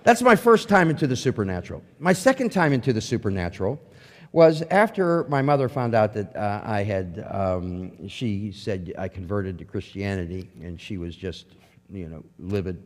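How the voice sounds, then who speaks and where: Brief: animated man, humorous testimony storyteller, hall reverb. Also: lowish voice, normal speed. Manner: animated storytelling with acted-out quotes. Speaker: testimony speaker.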